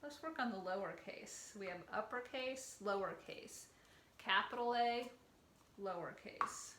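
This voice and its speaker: A middle-aged woman leading a circle time lesson for young children, gentle and encouraging, praising each child by name. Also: medium pitch, measured pace. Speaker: preschool teacher. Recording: echoey room with faint ambient noise.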